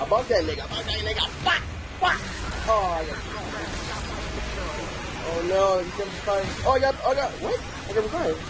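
A man's voice: high-pitched, very animated, moderate pace, long pauses, background noise. A young man swearing and bragging as he plays a video game with friends. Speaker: gamer. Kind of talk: casual chat over a game.

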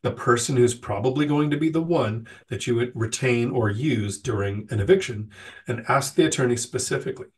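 A man's voice: mid-range voice, brisk, recorded from a distance. A man hosting a casual livestream Q&A, slightly nasal from getting over a cold, reading viewer questions and answering them at length in a plain-spoken way.

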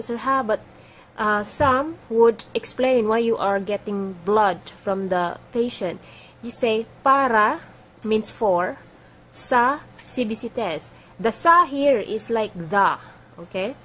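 A woman teaching a language lesson for medical staff. She explains each phrase patiently and repeats it slowly. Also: a little high, a bit bright, slight background noise, poor audio.

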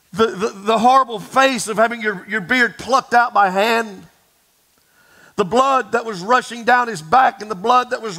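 A pastor delivers a sermon in a high, bright voice. He tells the story with drama, falling to near whispers and climbing to shouts as he speaks right to his congregation. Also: low-quality recording. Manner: dramatic storytelling, dropping to a hush and rising to shouts; addresses the congregation directly.

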